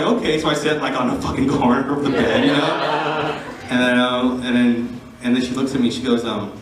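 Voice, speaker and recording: A young man telling a funny personal story, animated and laughing as he acts out the people in it. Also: medium pitch, a little fast. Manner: animated, giggly, voices the people in his story. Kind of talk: casual storytelling to camera. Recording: echoey, distant, noisy phone recording.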